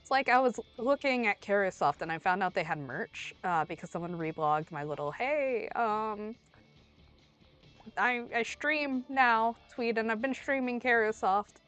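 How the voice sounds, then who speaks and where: A young woman streaming a game and chatting casually, rambling and playful, with sudden loud outbursts, while she is under the weather. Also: a little high, animated, a little slow, clear, resonant tone. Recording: faint music behind.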